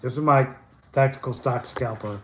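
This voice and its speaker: An older man hosts a live stock chart stream from home, chatty and loose, stumbling and drifting into asides. His mid-range voice is a bit bright, moves at a moderate pace and sounds reverberant.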